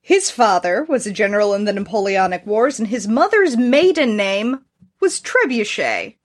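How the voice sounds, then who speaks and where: A woman in her thirties hosting a podcast, chatting casually with wry, deadpan humor. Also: medium pitch, moderate pace. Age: 30s. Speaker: podcast host. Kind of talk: casual chat.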